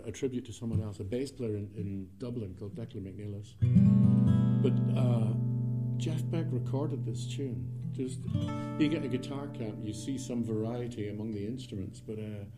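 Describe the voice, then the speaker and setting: A man with a Scottish accent, a guitarist telling a relaxed, cheeky anecdote before playing a tune. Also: medium pitch. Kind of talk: storytelling between tunes.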